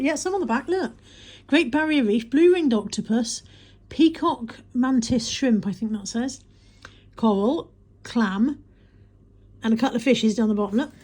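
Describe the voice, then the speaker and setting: A chatty, self-mocking woman from England talks casually to camera in a weekly vlog. Her voice sits fairly high and has a soft, husky edge. She rambles and mutters to herself as she goes. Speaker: vlogger.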